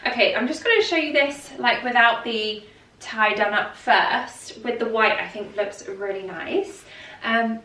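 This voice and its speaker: Mid-range, bright and forceful, this woman's voice rambles through a casual try-on chat full of fillers. Hay fever leaves her sounding stuffed up, recorded from a distance with echo in the room.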